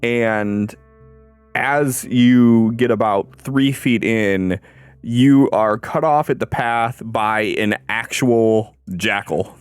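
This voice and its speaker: A man running a tabletop game as game master, narrating in a halting way full of ums and uhs. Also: mid-range voice, clean tone, no echo, soft background music.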